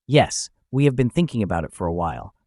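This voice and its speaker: Older sect master, steady and commanding, read by a man, dry close sound. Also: fairly low pitch, fast talker, no echo. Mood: solemn. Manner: steady and authoritative. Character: calm, authoritative elderly sect master.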